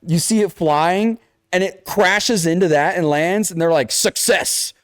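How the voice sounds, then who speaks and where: A young man's voice sits high and moves a little slowly, smooth over a clean studio sound with no room sound. As a podcast co-host in casual conversation, he tells a video game story with animation, voicing characters and cursing plenty.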